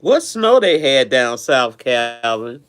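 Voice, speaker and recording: A man's voice: mid-range voice, very animated, slow, fairly bright tone. A man hosting a casual live stream, chatting affectionately with viewers and often repeating himself.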